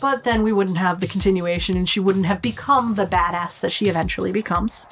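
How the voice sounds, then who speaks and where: A woman's voice: mid-range voice, fairly bright tone, soft background music. A woman in her thirties from Rhode Island with a Rhode Island accent, co-hosting a casual podcast chat, blunt and fond of swearing. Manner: blunt, swears, quick asides. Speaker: podcast co-host.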